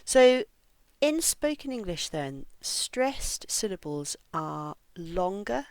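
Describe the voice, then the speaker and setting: A woman teaching English pronunciation in an online lesson. She explains each point and reads model phrases with slow, careful, over-articulated stress. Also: mid-range voice, very animated, darkish tone, no room sound.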